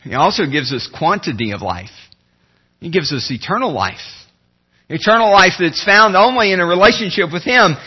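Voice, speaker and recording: Man, pastor, sermon, high voice, earnest, low slow scripture reading, dull lo-fi sound. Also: expressive, breathy edge. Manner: earnest preaching, slows and drops low when reading scripture. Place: church sanctuary.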